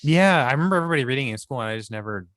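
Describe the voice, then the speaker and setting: A man's voice: medium pitch, animated, racing, fairly bright tone, dry recording. Laid-back swearing podcast guy. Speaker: podcast co-host and author. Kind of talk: casual chat, then reading his book aloud.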